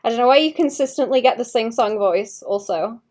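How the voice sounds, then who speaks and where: A woman's voice: on the high side, fairly quick, darkish tone. A young adult woman giving casual livestream commentary while she paints, thinking aloud, trailing off and restarting sentences, with occasional muttered asides. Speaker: streamer painting live.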